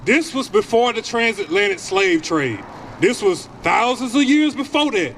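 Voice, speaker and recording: A man's voice: high voice, expressive, moderate pace, fairly bright tone, slight background noise. A man preaching on a city street, insistently pressing a passerby and calling for each verse to be read. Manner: insistent, repeatedly calls for the next verse to be read.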